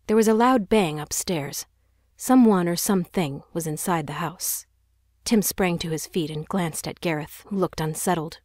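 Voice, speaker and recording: A woman's voice: fairly low pitch, moderate pace, a little mellow, no echo, studio quality. A woman narrating a young adult audiobook in a tense, dramatic storytelling manner. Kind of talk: scripted narration.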